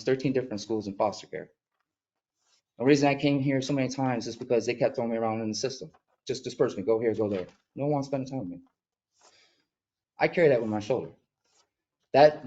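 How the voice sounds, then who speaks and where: A man who is a mural artist, speaking earnestly and with emotion at a village board meeting, sometimes halting as he gets choked up. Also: mid-range voice, warm tone, highs cut off. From upstate New York. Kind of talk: emotional public comment. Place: public meeting room.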